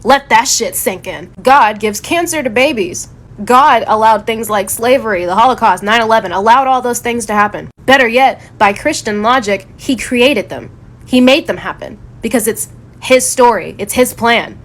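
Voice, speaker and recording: A woman's voice: a little high, moderate pace, a bit bright. A young woman vlogger giving blunt, opinionated commentary, swearing freely and laughing mockingly. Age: young adult.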